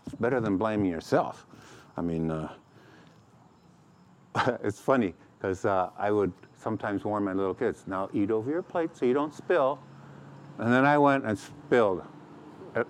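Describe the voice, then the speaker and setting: A middle-aged man preaching a sermon as pastor, acting out quoted complaints in a raised voice. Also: medium pitch.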